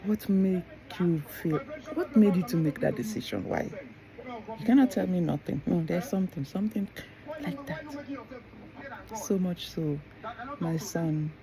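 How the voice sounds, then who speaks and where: Woman, mother, casual vlog monologue, rambling with restarts, gravelly voice, crowd noise behind. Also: lowish voice, moderate pace, rough recording. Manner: rambling, with many restarts and asides. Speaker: mother and vlogger.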